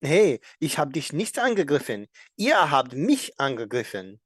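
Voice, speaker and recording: A man's voice: fairly high pitch, big pitch swings, a little slow, a bit bright, breathy edge, exaggerated voice. A man playfully mimicking a whiny video game character with exaggerated delivery.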